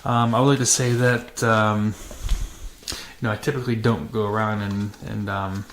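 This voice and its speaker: The dirt bike vlog host has a fairly low voice, a flat delivery, and a normal speed. His casual talk to camera is matter-of-fact and packed with fillers and restarts. Recording is in an echoey room with faint noise.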